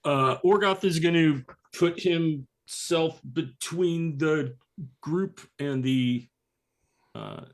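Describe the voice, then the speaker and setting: A man playing a tabletop game, describing his character's moves slowly and hesitantly. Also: fairly high pitch. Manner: slow, hesitant, many fillers. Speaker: player. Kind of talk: tabletop role-play, casual.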